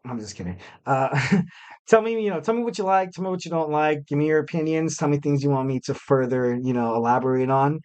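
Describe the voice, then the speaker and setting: A man's voice: on the high side, a little fast, darkish tone, clean tone. Man, young adult, solo podcast host, rambling, filler-heavy, self-joking. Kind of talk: casual solo podcast chat.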